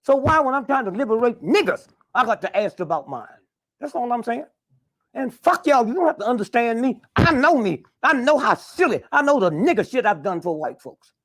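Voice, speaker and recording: An older man, telling stories in an interview with a blunt, profane manner and a husky, gravelly voice. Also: very high-pitched, big pitch swings, a little fast, fairly bright tone. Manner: blunt, profane, punctuating with "huh?". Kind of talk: candid storytelling interview.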